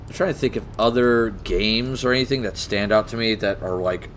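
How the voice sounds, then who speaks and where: A man's voice: on the low side, a little fast, few pauses, a bit bright, slight background noise. A man co-hosting a casual chat about tabletop games, rambling, swearing casually and laughing often. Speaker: podcast co-host.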